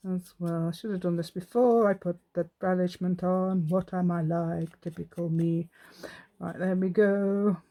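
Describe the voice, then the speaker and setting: A woman's voice: on the low side, dark tone. An English woman hosting a craft tutorial, chatting casually with self-mocking, rambling asides and frequent laughs. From England. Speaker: craft channel host.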